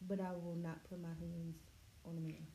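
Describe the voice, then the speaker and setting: A woman's voice: lowish voice, flat delivery, moderate pace, dark tone. A woman in a casual group chat, blunt and profane. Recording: echoey room with faint noise.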